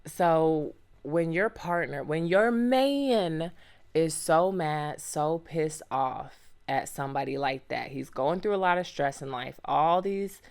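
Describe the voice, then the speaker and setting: A woman hosting a solo podcast, talking casually and animatedly with slang and lots of exclamations and rhetorical questions. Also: deep voice. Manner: slangy and conversational. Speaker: podcast host.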